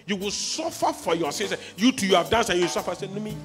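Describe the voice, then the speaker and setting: Ghanaian male pastor, 40s; high, very animated delivery, hushed one moment, shouting the next. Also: fast, soft background music. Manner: impassioned preaching that swings from hushed storytelling to shouting. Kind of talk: sermon.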